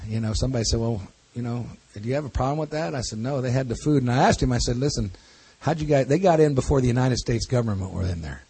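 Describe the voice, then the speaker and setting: A man's voice: mid-range voice, fast talker, gravelly, hardly any pauses, warm tone, breathy edge. A man speaking as a pastor to a congregation, telling stories in a folksy, joking way. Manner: folksy, jokey storytelling with laughs. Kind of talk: church talk to a congregation.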